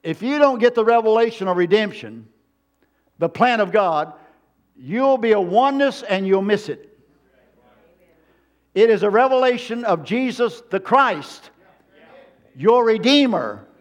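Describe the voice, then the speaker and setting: A man preaching a sermon to a congregation, driving points home with repeated phrases and calling for amens. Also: sits high.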